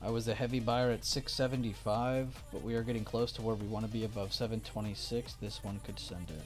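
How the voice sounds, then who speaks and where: Young male streamer, slightly low voice, loose chatty delivery, faint music underneath. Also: fairly even intonation, fairly quick. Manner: loose and chatty, reads chat aloud, frequent restarts. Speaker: stock trading streamer. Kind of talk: casual live-stream chat.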